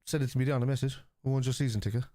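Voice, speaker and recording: A man's voice: mid-range voice, fairly even intonation, racing, warm tone, dry recording, clean studio sound. A man, hosting a live football watchalong and answering viewers bluntly, with plenty of swearing. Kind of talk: live stream chat reacting to viewers.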